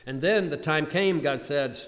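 An older man delivers a sermon in a storytelling manner, his voice sitting a little high for a man. He presses hard on the key lines. A long reverb trails after him, as in a large hall. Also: a little slow. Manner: storytelling, rising to urgent emphasis in quoted pleas. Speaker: preacher.

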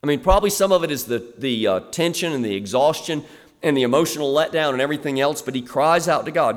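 A man's voice: on the high side, quick pace. Man preaching in a reverberant hall. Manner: animated preaching, swings between loud emphasis and quiet asides. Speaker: pastor. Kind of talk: expository sermon. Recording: long reverb of a large hall.

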